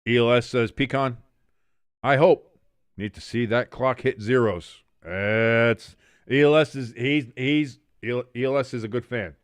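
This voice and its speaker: A man with a smooth, resonant voice calling the game and joking as he goes. He reads viewer comments aloud and rambles between plays. The sound is dry and close, with no room echo. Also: mid-range voice, measured pace. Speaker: watch-along host. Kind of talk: casual play-by-play commentary and chat reading.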